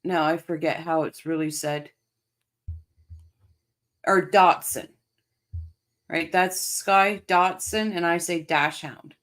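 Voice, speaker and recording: Lady chatting w her stream chat, slow easygoing talk, bit low voice, laughs a lot. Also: fairly even intonation, fairly bright tone. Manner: chatty, laughs often, answers viewers. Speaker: livestream host reading chat. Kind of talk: casual livestream chat.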